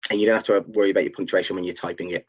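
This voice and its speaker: A man's voice: sits low, fairly even intonation, rapid-fire, husky. A man teaching a live online lesson, encouraging learners and reading out their chat answers, with many fillers. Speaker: tutor. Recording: slightly dull, muffled audio.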